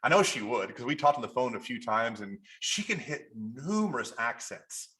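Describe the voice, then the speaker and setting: A man's voice: medium pitch, moderate pace. A man from Kentucky with a Kentucky accent, a photographer telling stories as a podcast guest, restarting sentences and acting out what people said. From Kentucky, USA. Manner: animated storyteller, restarts often, acts out quotes. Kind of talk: casual interview chat.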